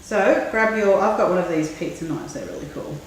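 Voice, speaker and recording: A woman hosting a cooking show, chatting in a relaxed way and thinking aloud as she works. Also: medium pitch, fairly quick. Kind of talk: casual cooking demonstration. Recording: very echoey room, mic far off, faint noise.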